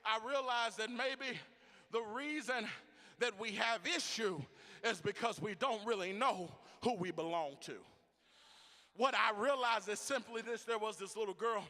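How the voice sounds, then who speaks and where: A man preaching a sermon to an audience, with a rhythmic, repetitive cadence and call-outs to the crowd, building to shouted, half-sung climaxes. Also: high voice, measured pace, long reverb tail.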